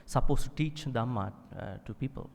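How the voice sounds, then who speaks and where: Male monk, mid-pitched, patient classroom explainer, long hall reverb. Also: normal speed, gravelly. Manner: explains patiently, fillers, demonstrates chanting. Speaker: Buddhist monk teaching Pali. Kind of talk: classroom teaching.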